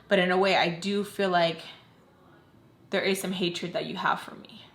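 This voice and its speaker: A woman's voice: lowish voice, fairly even intonation, normal speed. A young adult woman vlogger telling a personal story in a candid, emotional way, with lots of "like". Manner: candid, heavy use of "like". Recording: roomy echo.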